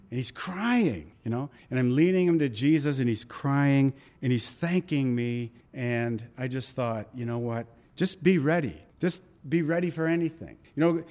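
Conversational preacher man, fairly high voice. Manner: conversational, animated storytelling; acts out voices in anecdotes. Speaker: pastor. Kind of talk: sermon.

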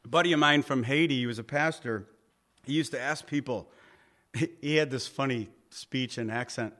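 A man's voice: medium pitch, animated, fairly quick, fairly bright tone. A man preaching a sermon as pastor, earnest and conversational, asking the listeners direct questions.

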